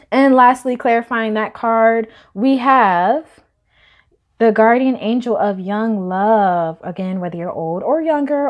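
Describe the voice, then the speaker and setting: A woman giving a casual tarot reading to camera, chatty and emphatic, talking straight to her viewers and swearing now and then. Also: a little high. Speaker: tarot reader.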